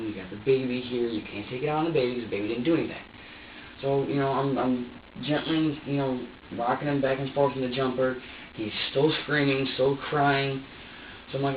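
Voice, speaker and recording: A man's voice: mid-range voice, muffled recording, slight background noise. Agitated man, distant echoey interrogation recording. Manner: agitated, swearing, halting with many restarts. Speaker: suspect in a police interrogation. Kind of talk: emotional confession. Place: police interrogation room.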